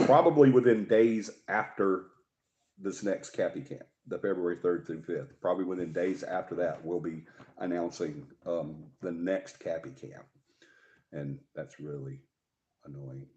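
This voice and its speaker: Deep-voiced man hosting a live stream. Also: a little slow, warm tone. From Alabama. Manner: rambling, joking, lots of fillers and restarts. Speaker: host of a paranormal talk show. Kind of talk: casual live-stream chat.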